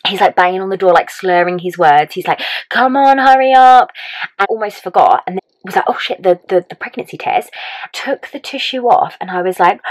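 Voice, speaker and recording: A young woman telling a personal story to camera in a chatty, animated way, full of "like" and acted-out reactions. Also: medium pitch, no echo, low-quality recording. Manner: chatty, animated, lots of "like", acts out her own reactions. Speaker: vlogger.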